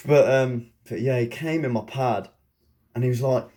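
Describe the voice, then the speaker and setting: A man telling a personal story in a casual vlog monologue, rambling and excitable, often chuckling. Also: medium pitch, unhurried. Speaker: vlogger.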